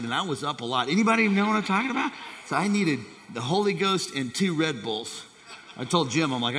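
A pastor delivers a sermon in a high, bright, forceful male voice, moving between quiet asides and excited outbursts as he calls out to the congregation. A large church hall gives his words a long, ringing reverb.

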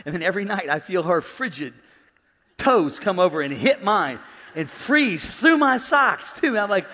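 A male pastor preaching a comedic sermon from the United States, swinging from hushed storytelling to loud shouted preaching in a large church auditorium. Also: high-pitched, expressive, moderate pace, slight background noise. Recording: long hall reverb.

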